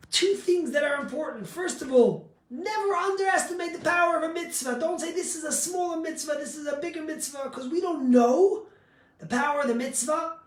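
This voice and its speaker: A man, a rabbi, giving a sermon and telling a story, emphatic and rising to near shouts on his key points. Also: extremely high pitch, roomy sound.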